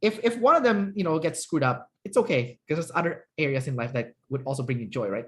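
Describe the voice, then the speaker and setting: A man's voice: on the high side, lively intonation, fast. A man hosting an interview as a personality trainer, talking casually with many fillers and tag questions.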